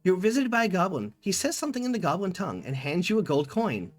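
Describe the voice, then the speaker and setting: A male streamer playing a text game live and reading its events aloud. His voice sits high and swings widely in pitch, playful and quick to react to each event. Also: very animated, soft background music.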